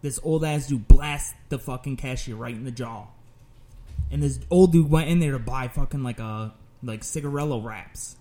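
Mid-pitched man, casual podcast host, profane, rambling storyteller. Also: normal speed, dark tone.

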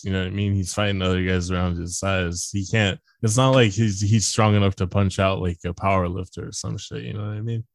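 A man's voice: lowish voice, darkish tone, dry recording, studio quality. A man co-hosting a podcast, chatting casually with crude jokes and rambling asides. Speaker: podcast co-host. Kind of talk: casual chat.

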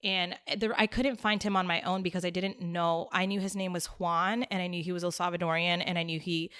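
A young woman guest telling a personal story in a chatty, casual way, full of "like" and quick laughs. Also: on the low side, steady tone, fairly bright tone, clear, resonant tone. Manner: chatty, peppered with "like", laughs often.

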